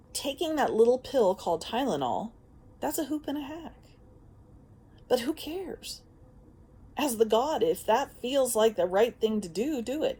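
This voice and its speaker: A woman giving a casual spoken monologue as a self-help vlogger, animated and frank, swearing freely and laughing often. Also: fairly high pitch, husky.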